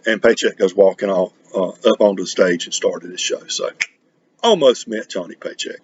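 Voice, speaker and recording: A middle-aged man from North Carolina, chatting casually on his record vlog in a halting, rambling way full of restarts. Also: lowish voice, darkish tone, breathy edge, lo-fi sound. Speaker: record collecting vlogger. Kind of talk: casual chat.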